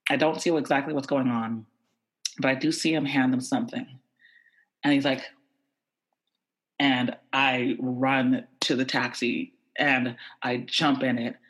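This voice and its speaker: A man from the United States telling a tense personal story with animated, repetitive buildup. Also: medium pitch.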